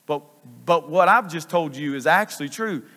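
Male pastor, sermon, high voice, emphatic repetition, long church-hall reverb. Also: normal speed, sharp tone. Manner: emphatic, repeats phrases for stress. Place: church sanctuary.

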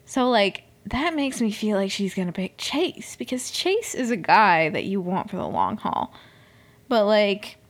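A young woman talks through a casual recap podcast with a lively, swooping voice. She is chatty and expressive, swears freely, and drops into hushed asides and mock outrage. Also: medium pitch, a little slow. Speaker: podcast host. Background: air conditioner noise.

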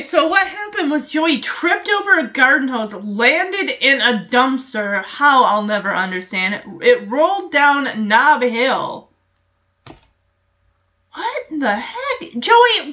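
High bright-voiced woman ranting casually about a tv episode, exasperated, goes off on tangents. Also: lo-fi sound. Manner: chatty, exasperated, wanders into personal tangents. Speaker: show recap host. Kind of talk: casual TV episode reaction commentary.

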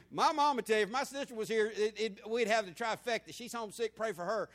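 A man, preaching a sermon in a lively storytelling way that swings between loud and hushed. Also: sits high, fast, hardly any pauses. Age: 50s.

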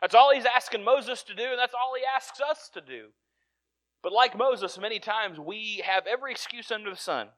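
A male preacher with a high, bright, forceful voice delivers a sermon. He speaks earnestly and conversationally, often stumbling and restarting mid-sentence as he works through his point. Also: moderate pace.

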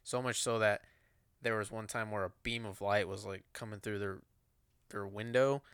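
A man's voice: fairly low pitch, fairly even intonation, moderate pace, fairly bright tone, clear, resonant tone, dry recording, studio quality. A man co-hosting a podcast, swearing freely as he speculates in loose casual chat.

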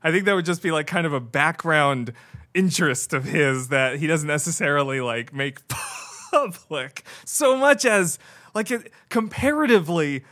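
Male comedy podcaster, dry rambling delivery, bright voice, somewhat high. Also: expressive, moderate pace. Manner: rambling with many fillers and restarts. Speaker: podcast co-host. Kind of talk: deadpan comedic riffing.

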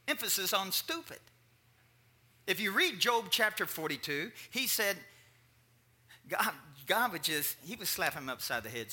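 A male preacher delivering a sermon with a high, lively voice that rises and dips all over. His tone is bright and cutting, and he talks in a casual, joking way with his congregation between points. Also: breathy edge. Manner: joking asides, animated and conversational.

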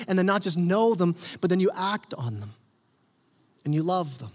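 Guy pastor preaching in a church, kinda high voice, big hall reverb, earnest and chatty. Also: big pitch swings, moderate pace, a little mellow. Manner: earnest, conversational preaching with repeated restarts. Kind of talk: sermon. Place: church sanctuary.

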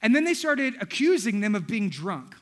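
A male pastor delivering a lively, humorous sermon, telling stories, acting out quotes and raising his voice for emphasis. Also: sits high, moderate pace. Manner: storytelling, acts out quotes, shouts for emphasis. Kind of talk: energetic comedic sermon.

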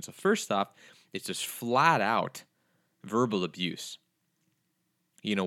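A man's voice: low voice, fairly bright tone, no room sound, studio quality. A young adult man teaching the Bible on a podcast, earnest, with emphatic, repetitive phrasing.

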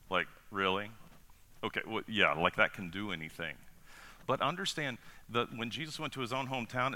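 A male pastor preaching a sermon in a casual, conversational way, often putting rhetorical questions to the congregation. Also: medium pitch. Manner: casual and animated, asks the congregation rhetorical questions, acts out quotes.

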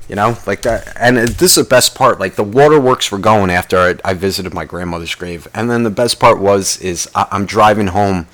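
A man's voice: on the low side, moderate pace, hardly any pauses, fairly bright tone. A man hosting a podcast, telling a rambling comedic rant full of swearing and questions to himself. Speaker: podcast host.

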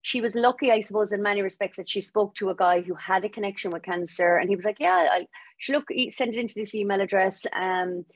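A young adult Irish woman telling her story as a podcast guest, lively and laughing as she acts out what people said. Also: mid-range voice, quick pace, few pauses, dry recording. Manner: lively, laughing storyteller acting out quoted voices. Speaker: guest author. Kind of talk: storytelling interview.

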